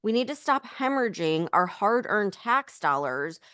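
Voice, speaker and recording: A woman's voice: medium pitch, big pitch swings, a little slow, a bit bright, smooth, no echo, studio quality. A woman co-hosting a political podcast, ranting in a heated, emphatic way in casual chat. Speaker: podcast co-host.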